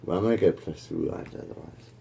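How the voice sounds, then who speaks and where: A man's voice: deep voice, quick pace, vocal fry, dark tone, muffled recording, slight background noise. A man casually telling a joke among friends, rambling, restarting often and swearing freely. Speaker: joke teller.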